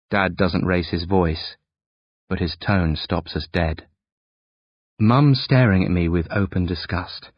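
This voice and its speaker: A man narrating an audiobook in the first person with a highly expressive, swooping delivery. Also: slow pace, husky, no echo, lo-fi sound.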